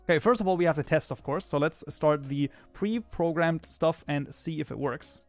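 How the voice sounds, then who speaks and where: A man's voice: fairly high pitch, normal speed, faint music behind. Chatty man streaming. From Germany. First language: German. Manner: chatty, reads chat aloud and mutters while debugging. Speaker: livestreamer and programming tutor. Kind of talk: casual live-stream chat while coding.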